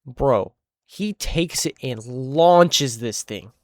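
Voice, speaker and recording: A young man casually telling a story, animated and slangy, making sound effects and tripping over words. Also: mid-range voice, extremely slow, no room sound, studio quality.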